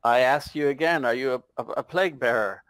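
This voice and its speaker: A man voicing a cautious, suspicious city guard sergeant who speaks in a measured, polite way. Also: mid-range voice, a bit bright, smooth, no echo, close to an everyday voice. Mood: wary.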